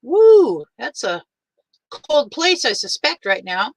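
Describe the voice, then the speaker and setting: An older woman hosting a casual livestream. She greets each viewer by name in a warm, chatty way and is teary. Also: a little high, sing-song, slow pace, dry recording, poor audio.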